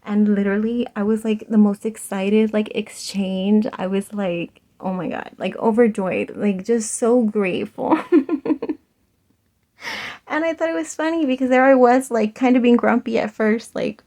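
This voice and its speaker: A woman tarot reader talking in a chatty, animated storytelling way, laughing often and swearing casually. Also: medium pitch, normal speed.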